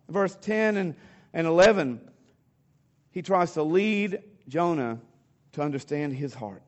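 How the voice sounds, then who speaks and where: A man preaching a sermon in a conversational, halting way. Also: on the high side, lively intonation, lo-fi sound. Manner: conversational, halting, with restarts and fillers. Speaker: pastor.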